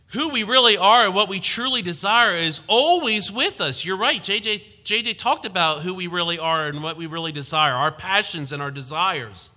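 A man preaching a sermon, swinging from emphatic force to hushed tones and sometimes mocking quoted lines in a lighter voice. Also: sits high, big-room sound.

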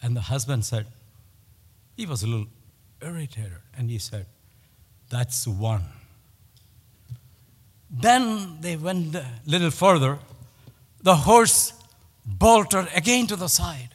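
Male pastor, measured sermon delivery with emphatic repetition, recorded in a hall with long reverb. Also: fairly high pitch, very animated, breathy edge. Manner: storytelling, with pauses and emphatic repetition. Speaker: preacher.

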